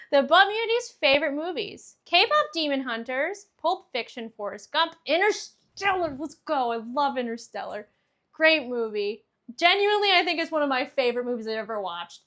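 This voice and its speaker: Bubbly high-voiced young woman streamer. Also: bright, forceful tone. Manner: reads viewer answers aloud, laughs often, swears casually. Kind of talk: casual stream chat.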